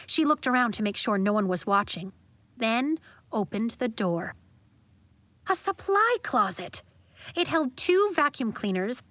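A woman narrating a children's storybook aloud in a gentle, expressive way. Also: fairly high pitch, no echo.

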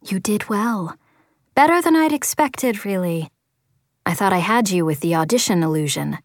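A woman voicing a calm, gentle female music teacher who speaks softly and sometimes in a hushed whisper. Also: mid-range voice, normal speed, no room sound, clean studio sound, close to an everyday voice. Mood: soothing. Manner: soft, hushed, partly whispered.

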